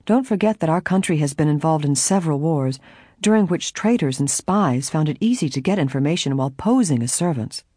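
A reader voicing a calm, caring middle-aged aunt who speaks reassuringly, in an audiobook. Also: medium pitch, fairly quick, no room sound, clean studio sound, lightly acted.

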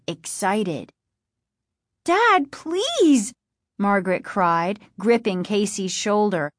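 A woman reading a spooky chapter book aloud in measured, dramatic scripted narration. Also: mid-range voice, no echo, clean studio sound. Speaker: audiobook narrator.

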